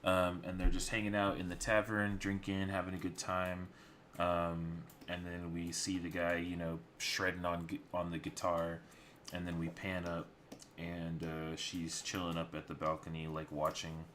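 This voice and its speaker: Deep-voiced man rambling through story beats. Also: completely flat delivery, normal speed, a bit bright, a little hiss or hum. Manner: rambling, many fillers and placeholders. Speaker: storyboard artist. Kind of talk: casual livestream talk-through.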